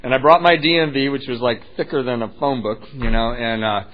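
A man telling his own recovery story at a meeting, animated and self-mocking, often laughing at himself. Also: mid-range voice, a little fast. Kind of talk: personal storytelling talk. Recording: muffled lo-fi recording.

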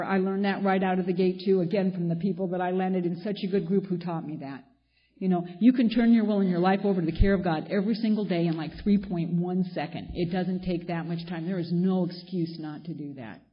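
An older woman from Southern California telling a candid, wry personal story to a meeting audience. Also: medium pitch. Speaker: speaker at a recovery meeting. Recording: echoey hall, dull lo-fi sound, faint noise.

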